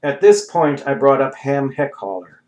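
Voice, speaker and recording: A man narrating a comic novel in a wry, deadpan reading. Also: mid-range voice, normal speed, poor audio. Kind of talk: audiobook reading.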